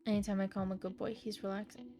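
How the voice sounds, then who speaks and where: A woman's voice: mid-range voice, little pitch movement, racing, mellow. A woman streaming a game live, chatting casually, swearing freely and reading the on-screen text aloud.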